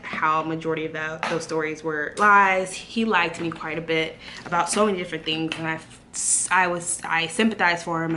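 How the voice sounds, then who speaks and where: Bright-voiced young woman telling a rambling story. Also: on the low side, slight background noise. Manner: rambling, candid, many fillers and restarts. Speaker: vlogger. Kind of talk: casual storytime chat.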